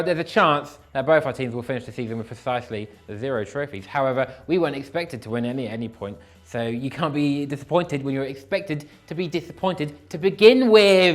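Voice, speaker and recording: Jokey young Englishman hosting commentary. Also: medium pitch. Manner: jokey, self-deprecating, animated bursts. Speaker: host reading viewer comments. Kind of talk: casual comedic commentary.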